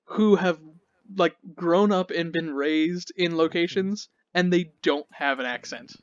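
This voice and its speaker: A man with a slightly high voice tells chatty stories and laughs easily in relaxed podcast talk. His voice comes across a bit dull and muffled, as over an online call, and dry with no room sound. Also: unhurried, clear, resonant tone, no echo. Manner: chatty storyteller, laughs often. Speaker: podcast cast member. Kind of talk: casual chat.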